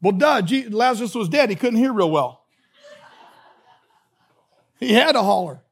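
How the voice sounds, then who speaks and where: A male pastor preaching a sermon, animated and joking, moving between quiet remarks and loud hollering. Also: high-pitched, a little slow, creaky, husky.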